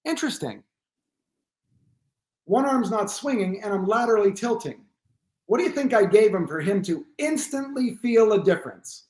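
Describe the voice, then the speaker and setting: A man from Pennsylvania, a guest posture therapist, telling animated, joking anecdotes in a podcast interview and acting out both sides of the conversation. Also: high-pitched, normal speed, long pauses.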